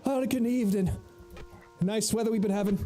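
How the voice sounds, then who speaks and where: A man voicing a cheerful paladin knight with a put-on Irish lilt, bright and lyrical, polite in greeting. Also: high voice, steady tone, a little fast, faint music behind, close to an everyday voice. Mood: friendly.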